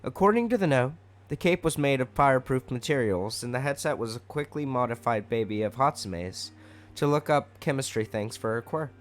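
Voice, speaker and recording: Male storyteller, mid pitch, casual fanfic reading with wry asides. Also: expressive, moderate pace. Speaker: fanfic narrator.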